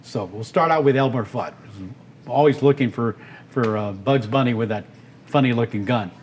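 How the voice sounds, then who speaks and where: An older man who performs on radio and as a voice artist tells stories enthusiastically as an interview guest. His mid-range voice moves at a moderate pace, with slight background noise, and his storytelling is animated.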